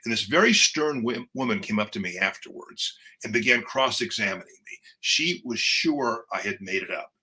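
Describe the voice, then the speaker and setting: An older man, a poet, telling a personal story in conversation, animated and full of fillers and restarts. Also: on the low side, moderate pace, hardly any pauses, rough recording.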